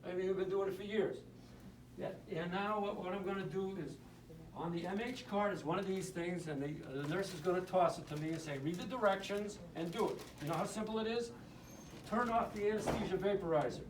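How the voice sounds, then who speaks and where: A man's voice: high-pitched, a little fast, a little hiss or hum. Joking male lecturer quizzing his class. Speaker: anesthesiologist teaching nurses. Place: lecture room. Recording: roomy hall, mic at a distance.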